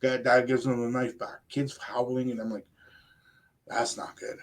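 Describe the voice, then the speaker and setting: Older man, radio co-host; rambling, animated storyteller, casual chat. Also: medium pitch, normal speed. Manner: animated, rambling anecdote with quoted asides.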